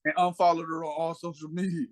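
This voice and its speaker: Speaking fast with a voice on the high side, this podcast co-host tells animated stories in a casual chat. He plays out the quoted people by raising his voice.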